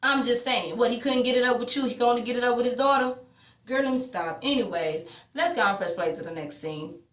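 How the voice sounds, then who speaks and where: A woman recapping a TV episode in casual chat, blunt, loud and swearing, talking straight to her viewers. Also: a little high, fairly quick, roomy sound. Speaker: TV show recapper.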